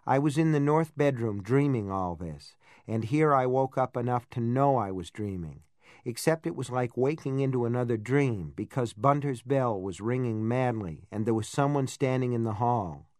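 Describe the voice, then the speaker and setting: An audiobook narrator reads a novel in a measured, steady storytelling style. His medium-pitched voice comes through a dry, studio-quality recording.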